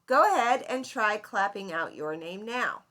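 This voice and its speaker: Slow, bright-voiced woman teacher. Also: medium pitch, expressive. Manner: slow, clear teacherly explanation with questions to students. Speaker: seventh grade English teacher. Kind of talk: recorded lesson for students.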